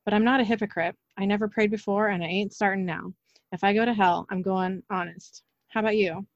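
A woman's voice: mid-range voice, a little fast, no echo, natural voice. A woman reading the lines of a blunt, cynical small-town bartender in her own plain voice. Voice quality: flat, unperformed reading. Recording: slightly dull lo-fi audio.

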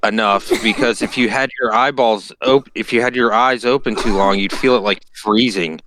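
A man's voice: on the low side, steady tone, normal speed, fairly bright tone, no room sound. A man from Florida telling stories in casual chat, rambling, swearing and laughing mid-sentence.

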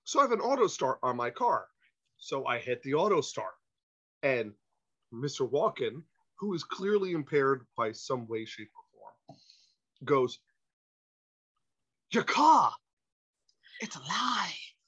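Animated, stammering male storyteller. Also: medium pitch, normal speed. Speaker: podcast guest. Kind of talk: storytelling anecdote. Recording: muffled lo-fi audio.

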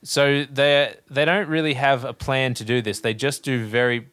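A man's voice: mid-range voice, steady tone, moderate pace, a bit bright, dry recording. Rambling jokey Australian man. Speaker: podcast host. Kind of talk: casual comedic chat.

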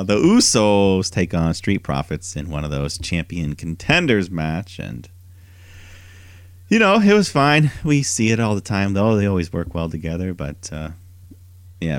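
A man's voice: clear, resonant tone, no echo. A man co-hosting a podcast, recapping a wrestling show in a casual, storytelling way. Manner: animated storytelling, mimics quoted wrestlers in higher voice. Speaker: podcast co-host.

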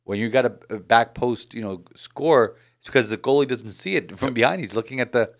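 A man hosting a casual sports podcast, animated and rambling with frequent restarts. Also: mid-range voice, a little fast. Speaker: podcast host.

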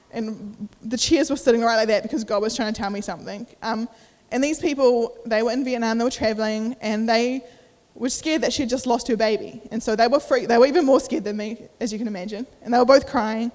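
Young woman, high voice, sermon, casual and emotional delivery, long hall reverb. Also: steady tone, fairly quick, few pauses, a little mellow. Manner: casual, emotional, uses many fillers. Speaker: preacher. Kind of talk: sermon with personal story.

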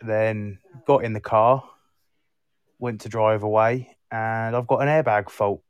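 A man's voice: fairly low pitch, fairly even intonation, unhurried, clear, resonant tone, no echo, dull audio. A man telling a story about his car on a casual live chat. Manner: storytelling, exasperated.

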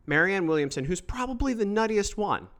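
A man giving opinionated solo political commentary, emphatic and quick to mock others. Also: high voice. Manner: emphatic, animated, mocking quoted voices.

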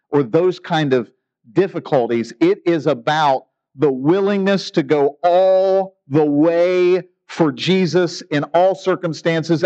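A man's voice: fairly high pitch, a little mellow, lo-fi sound. A man preaching a sermon in an earnest, emphatic way, asking rhetorical questions. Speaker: pastor.

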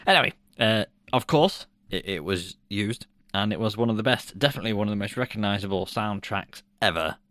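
A man in casual podcast chat, with a fairly low voice. He laughs easily and swears in passing, and his delivery often draws out. The recording is close and dry, with no room sound. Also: animated, fairly quick, hardly any pauses, a bit bright, no room sound. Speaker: podcast co-host.

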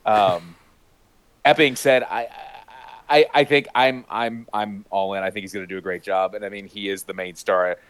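A man talking in a casual podcast chat, enthusiastic and rambling, full of fillers and restarts, who now and then breaks into high-pitched voice impressions. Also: steady tone, moderate pace, smooth. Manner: mimics voices with sudden high-pitched bursts. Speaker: podcast panelist.

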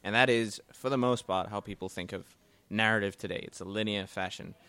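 A man's voice: fairly low pitch, steady tone, a little fast, bright, forceful tone, clear, resonant tone. A man hosting a live podcast in casual chat, rambling with many fillers. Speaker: podcast host. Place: bookstore, live event.

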